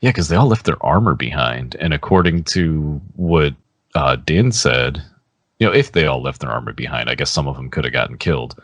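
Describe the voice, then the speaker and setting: A man co-hosting a podcast in casual chat, relaxed and laughing often, with sentences that trail off. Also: rumbling low, fairly quick, no echo. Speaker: podcast co-host.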